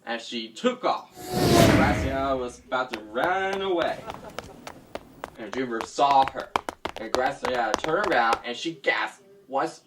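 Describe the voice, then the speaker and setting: Slow dramatic home storyteller. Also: mid-range voice, big pitch swings. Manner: slow, dramatic, gasping narration. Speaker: storyteller with toys. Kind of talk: storytelling narration. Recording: noisy home recording with clicks.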